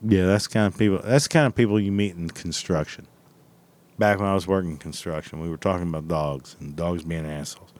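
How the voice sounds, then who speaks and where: A man's voice: sits low, steady tone, fast talker, a little mellow. A man telling a rambling story in a blunt, heavily profane, casual way.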